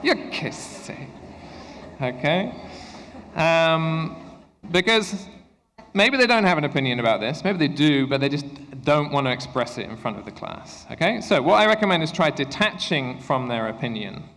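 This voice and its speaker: A man giving a conference workshop to English teachers, talking to the room in an engaging way and often checking in with a quick "okay?". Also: a little high, lively intonation, fairly bright tone. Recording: echoey hall reverb.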